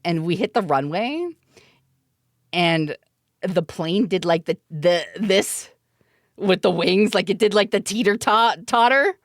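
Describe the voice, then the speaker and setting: Casting: Canadian woman streamer, unhurried, laughs and swears through her stories, close dry mic. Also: lowish voice, dry recording. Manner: giggly, profane, animated storyteller. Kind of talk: casual storytelling to stream chat.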